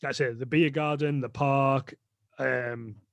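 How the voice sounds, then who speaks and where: A man's voice: mid-range voice, steady tone, measured pace, dry recording, dull audio. A man talking as a guest on a podcast, explaining dog training in a chatty way with lots of fillers. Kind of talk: casual podcast interview.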